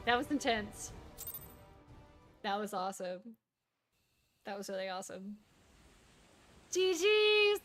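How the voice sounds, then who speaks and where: A woman streaming a game, chatting in an excitable, giggly and self-mocking way. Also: mid-range voice, slow pace, pauses often, soft background music. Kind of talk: live gameplay commentary.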